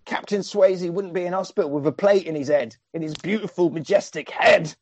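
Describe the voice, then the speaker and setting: A man's voice: high voice, brisk, pitched above the performer's own voice. A man voicing a guilt-ridden young male hockey player who blames himself. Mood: guilty. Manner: self-reproaching.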